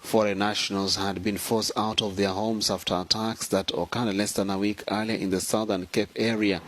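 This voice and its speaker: A man reading a scripted news report in a measured, formal way. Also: on the low side, flat delivery.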